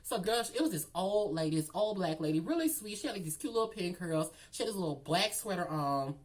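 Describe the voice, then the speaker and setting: A woman telling a dramatic story in a casual, animated way, often calling the listener "girl.". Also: on the low side, brisk. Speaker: storytelling vlogger.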